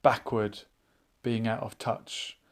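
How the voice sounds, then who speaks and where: A man's voice: fairly low pitch, level tone, slow. Musing man hosting a live chat. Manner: musing, reads viewer comments aloud. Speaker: livestream chat host. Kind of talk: casual live-chat commentary.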